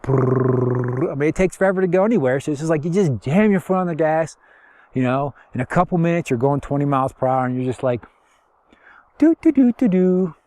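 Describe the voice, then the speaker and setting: A man's voice: a little high, fast talker, a little mellow, dry recording. A man giving a casual spiritual talk, rambling with many fillers and repeating affirmations. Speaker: spiritual teacher.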